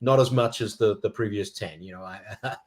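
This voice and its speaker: A middle-aged man, a guest instructor, answering interview questions in a relaxed, self-deprecating way with fillers. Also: fairly low pitch, fairly quick.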